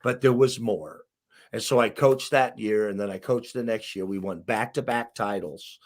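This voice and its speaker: A middle-aged man from Arkansas, a basketball coach, telling stories as an interview guest in an emphatic, animated way. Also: lowish voice, normal speed. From Arkansas, USA. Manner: emphatic, animated storyteller who acts out quotes. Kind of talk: storytelling in an interview.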